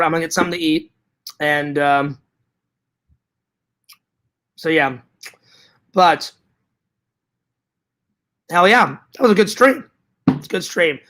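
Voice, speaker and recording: A man's voice: sits high, a bit bright. A man vlogging to his viewers in casual chat, hyper and rambling, with joking profanity.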